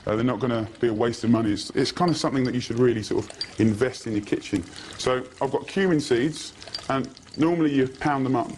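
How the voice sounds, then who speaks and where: A man's voice: medium pitch, a little mellow, a little hiss or hum. Chatty man doing a cooking demo. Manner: chatty, hedges with "sort of" and "kind of". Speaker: TV cook. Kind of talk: cooking demonstration. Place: kitchen. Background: frying and sizzling.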